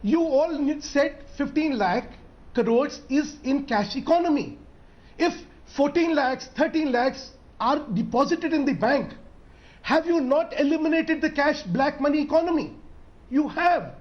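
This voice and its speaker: A man's voice: very high voice, expressive, a little slow, highs cut off. Insistent Indian man in TV debate. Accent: Indian English. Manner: insistent, keeps pressing to finish his point. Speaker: politician guest. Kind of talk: heated TV debate.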